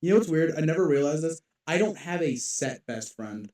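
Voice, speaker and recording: A young man co-hosting a podcast in casual chat, blunt and quick to chime in, swearing freely. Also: a little high, lively intonation, a little mellow. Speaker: podcast co-host. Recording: echoey room, far from the mic.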